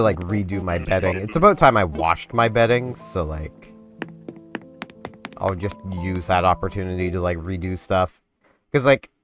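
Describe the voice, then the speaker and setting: A man casually rambling while commenting on his gameplay, his voice hoarse and not yet warmed up. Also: deep voice. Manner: rambling, chatty, self-deprecating. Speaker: gaming video host. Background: game music.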